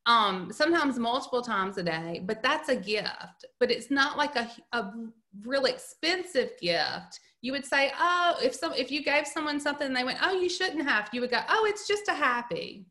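A woman's voice: high voice, big pitch swings, normal speed, hardly any pauses, sharp tone. A middle-aged woman with a Southern US accent, co-hosting a podcast and chatting casually, telling stories and laughing often. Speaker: podcast co-host. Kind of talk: casual chat.

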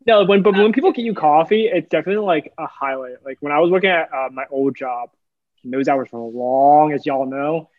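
A young man telling relaxed anecdotes on a podcast, acting out what others said to him. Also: on the high side, fairly quick, dry recording, narrow, tinny audio. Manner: relaxed, quoting others in dialogue. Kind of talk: casual storytelling chat.

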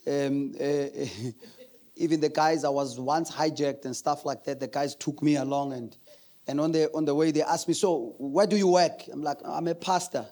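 High-voiced pastor preaching. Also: male voice, steady tone, normal speed, a little mellow. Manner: storytelling, laughing, acting out voices. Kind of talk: sermon. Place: church.

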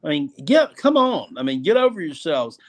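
A man's voice: a little high, big pitch swings, moderate pace. A man co-hosting a casual sports talk livestream, reading viewer comments and ranting about rivals with exasperated swearing.

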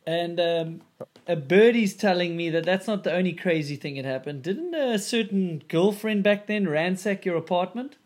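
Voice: medium pitch, expressive, moderate pace, a little mellow. Teasing podcast host. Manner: teasing, playful, laughs along. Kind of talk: casual interview chat.

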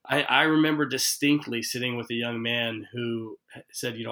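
A man's voice: mid-range voice, fairly even intonation, fairly quick, fairly bright tone, poor audio. A man hosting a podcast conversation in an earnest, reflective way, retelling stories with quoted dialogue. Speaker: podcast host. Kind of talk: casual conversational interview.

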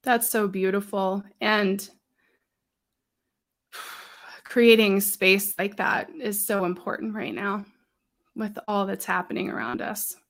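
A woman hosting a live-stream chat, warm and enthusiastic, affirming her guest and greeting viewers. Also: mid-range voice, takes it slowly, long pauses. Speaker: live show host.

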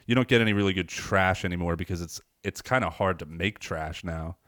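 A man's voice: sits low, a little fast, fairly bright tone, no echo, studio quality. A man co-hosting a podcast, chatting casually as he recaps a movie, rambling and laughing often. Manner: rambling, laughs often, acts out lines from the film. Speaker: podcast co-host.

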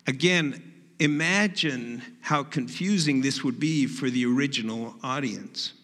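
A man's voice: mid-range voice, measured pace, fairly bright tone. A middle-aged male pastor preaching a sermon, telling stories and building to emphatic peaks. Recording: reverberant hall.

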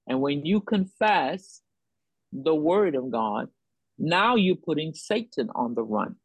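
A woman preaching in a call-and-response rhythm, leaning on repeated phrases to drive each point home. Her voice is breathy and soft-edged. The sound is dry and close, with no room around it. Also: sits low, animated, slow, dry recording, poor audio. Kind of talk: sermon.

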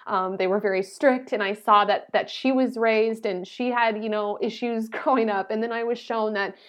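A woman's voice: a little high, steady tone, moderate pace, fairly bright tone. A woman telling an emotional personal story in an earnest, searching way, with many restarts. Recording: slightly dull, lo-fi sound.

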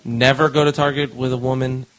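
A man's voice: medium pitch, little pitch movement, brisk, slight background noise, rough recording. Blunt, ranting young man. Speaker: podcast co-host. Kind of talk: casual chat.

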